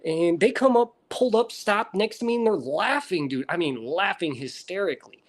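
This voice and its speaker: An American man in casual chat, swearing constantly and telling stories with animated energy. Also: sits high, normal speed. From United States. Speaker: reptile breeder streamer.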